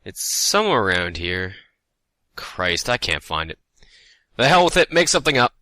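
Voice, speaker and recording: A man co-hosting a comedy talk-show sketch, flustered and deadpan with a rude guest. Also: deep voice, normal speed, no room sound. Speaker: co-host.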